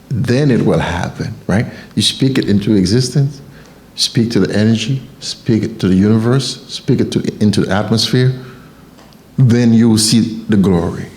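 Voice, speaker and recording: A man's voice: on the low side, unhurried, long pauses, darkish tone. A man from Haiti with a Haitian accent, giving an emphatic motivational sermon and repeating key phrases for effect. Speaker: motivational speaker.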